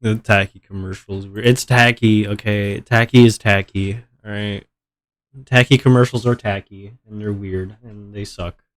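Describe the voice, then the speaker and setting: A man's voice: fairly low pitch, steady tone, a little slow. A man streaming live with a stuffy nose from allergies, chatting casually and complaining in a rambling, melodramatic way.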